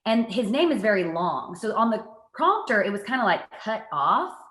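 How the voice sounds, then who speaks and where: A woman, a TV reporter, telling stories from her work in a casual interview, lively and self-mocking. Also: mid-range voice, moderate pace, echoey room. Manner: lively, animated storytelling with self-mocking asides. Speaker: guest, TV reporter and anchor.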